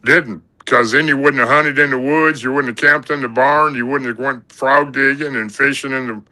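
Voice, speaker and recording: On a rough recording, a drawling man appears as a podcast guest, casually recounting an encounter at normal speed. His voice, bright, forceful and steady at a typical male pitch, meanders in a folksy way, linking thought after thought with "and, uh."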